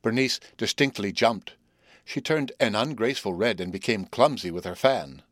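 A man reading a story aloud as narrator, in a measured, even way. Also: fairly low pitch, no room sound, studio quality. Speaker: audiobook narrator. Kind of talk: scripted narration.

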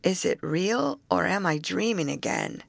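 A woman's voice: on the low side, animated, a little slow, gravelly, dry recording, heavily acted. A woman reading the part of an exhausted young man who has just been rescued. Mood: weak. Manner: weak, wondering.

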